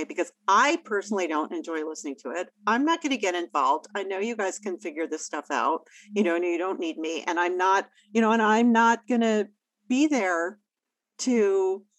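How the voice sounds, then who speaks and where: A woman coaching a parent, explaining calmly and often checking in with "right?" and "you know?". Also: mid-range voice, moderate pace, dry recording, rough recording. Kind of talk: advice conversation.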